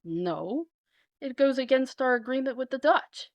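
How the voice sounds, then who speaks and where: A woman's voice: high-pitched, expressive, unhurried, dry recording. A woman voicing a dismissive older male council elder who answers curtly.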